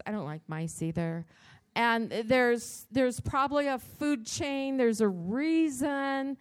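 Unhurried yet dramatic, a woman church speaker relates a personal story in a devotional talk. She tells it animatedly, her voice springing up in pitch and loudness.

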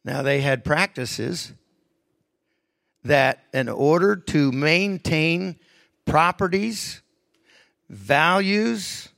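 A man preaching a sermon, emphatic, swinging between hushed stretches and raised, stressed lines. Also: on the high side, extremely slow, vocal fry, long pauses, no room sound.

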